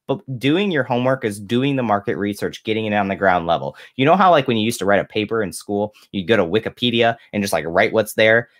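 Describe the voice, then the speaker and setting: A man speaking as a guest on a livestream Q&A, giving measured, advisory answers in casual chat over a video call. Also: medium pitch. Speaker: guest card collector.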